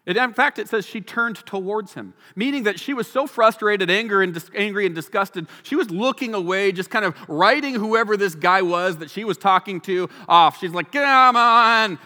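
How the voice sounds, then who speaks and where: A man preaching a sermon as pastor, animated, acting out the people in the story. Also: high voice. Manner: animated, acts out the people in the story in quick voices. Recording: long hall reverb.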